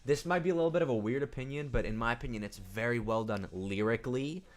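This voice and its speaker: A man's voice: medium pitch, quick pace. A young man casually reviewing albums, rambling with restarts and swearing as he talks into a desk microphone. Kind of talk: casual music review vlog.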